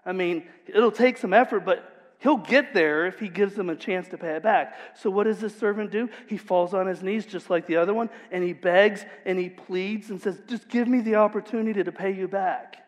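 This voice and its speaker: High-voiced preacher in a reverberant hall. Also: male voice, moderate pace. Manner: storytelling, emphatic, conversational. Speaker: pastor. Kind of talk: sermon.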